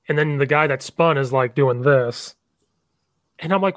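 A man hosting a casual sports podcast, telling lively stories and acting out exchanges between coaches and players. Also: medium pitch, a little fast, no echo. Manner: animated storyteller, acts out coach and player exchanges.

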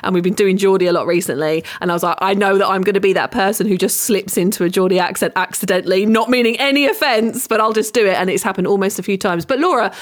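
A woman's voice: mid-range voice, quick pace, few pauses. A woman with a southern English accent co-hosting a podcast, bubbly and giggly, swearing freely in casual chat. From southern England. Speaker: podcast co-host.

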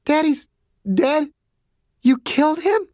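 A man's voice: very high voice, expressive, slow, a little mellow, no room sound, clean studio sound, pitched above the performer's own voice, heavily acted. A man doing a screaming teenage girl. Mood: panicked, hysterical. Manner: screaming, sobbing, cursing. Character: terrified, furious infected teenage girl.

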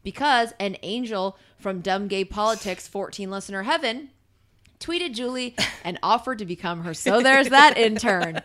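A woman's voice: mid-range voice, animated, normal speed, fairly bright tone. A woman co-hosting a comedy podcast, teasing her co-host in casual, sarcastic chat and swearing freely.

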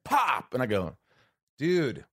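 A man in casual conversation, telling stories with animated quoted dialogue and frequent swearing. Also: mid-range voice, a little fast. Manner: animated storyteller, acts out quotes, swears often. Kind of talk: casual storytelling chat.

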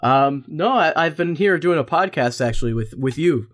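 A man's voice: a little high, lively intonation, normal speed. A man co-hosting a casual podcast, dry and teasing, laid-back. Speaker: podcast co-host.

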